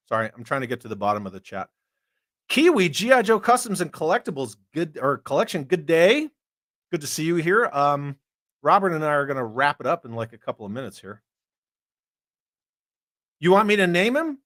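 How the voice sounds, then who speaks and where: A man's voice: high-pitched, a bit bright, dry recording, clean studio sound. A man hosting a toy collecting live stream, chatting casually, joking and swearing while he reads comments. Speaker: army veteran.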